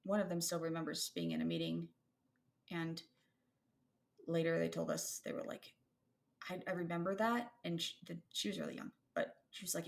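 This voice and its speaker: A woman's voice: on the low side, fairly even intonation, moderate pace, vocal fry. A woman in her thirties co-hosting a podcast, talking in a thoughtful, rambling way with many fillers and restarts. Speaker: podcast co-host. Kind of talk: casual conversational chat.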